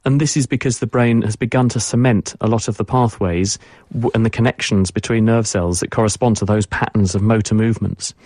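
A man's voice: lowish voice, steady tone, fairly quick, darkish tone, no room sound, studio quality. A man, a science expert guest on a radio show, explaining fluently and repeating words for emphasis.

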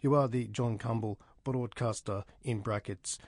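An actor playing a formal, insistent scam caller who keeps pressing for a code. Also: male voice, mid-range voice, fairly even intonation, unhurried, darkish tone, dry recording, clean studio sound. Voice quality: formal, insistent, repetitive pleading. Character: persistent male scam caller posing as executor. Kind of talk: comedic phone prank sketch.

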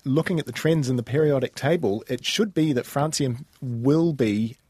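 A man co-hosting a podcast, explaining chemistry in a measured, chatty way. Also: mid-range voice, mellow, husky, dry recording. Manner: explanatory, measured, with small fillers. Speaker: podcast co-host. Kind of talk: casual science chat.

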